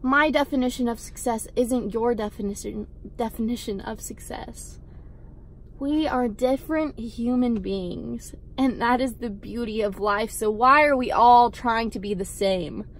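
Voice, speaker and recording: A young woman with a high voice talks straight to camera as a vlogger, giving a blunt motivational pep talk. She hammers her points home through repetition and swears casually. She is recorded outdoors. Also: measured pace, a little hiss or hum.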